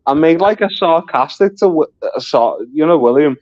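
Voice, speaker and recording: A man's voice: a little high, expressive, moderate pace, no room sound. Chatty man on a muffled call. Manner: chatty, swears and laughs often. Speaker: guest on a live stream chat. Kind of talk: casual chat. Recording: dull lo-fi audio.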